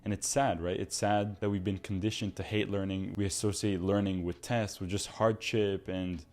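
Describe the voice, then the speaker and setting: A young man in his twenties talks straight to his viewers in an earnest, animated motivational monologue. His voice sits a little low, with a dark, mellow tone. He sounds like someone who wants his listeners to change their habits. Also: normal speed. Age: 20s. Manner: mocks friends in put-on voices. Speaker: self-improvement video host.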